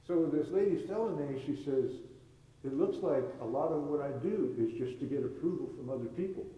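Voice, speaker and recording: A man with a fairly high, lively voice speaks a little fast, teaching through stories in a spiritual talk and acting out the voices of the people in them. His manner is folksy, and he addresses a live audience in a hall. The audio is dull and echoey, with his voice sounding far off.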